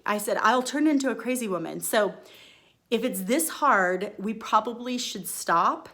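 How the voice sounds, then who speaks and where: Female host, relaxed storytelling monologue, lively and expressive delivery. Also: on the high side, measured pace. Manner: chatty and expressive, acts out her own quoted lines. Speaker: podcast host.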